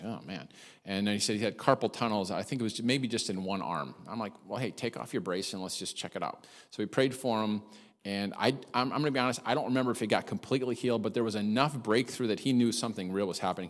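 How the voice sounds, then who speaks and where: A male pastor preaching quickly in a lower voice, spinning a personal story with plenty of asides and self-deprecating jokes. His voice rings out with a long hall reverb behind it. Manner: animated, chatty, self-deprecating humor. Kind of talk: sermon with storytelling.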